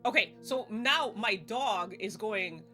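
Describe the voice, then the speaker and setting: A young woman streaming a game live, chatting excitably, laughing and swearing casually as she plays. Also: medium pitch, slow. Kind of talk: live gameplay commentary. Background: faint game music.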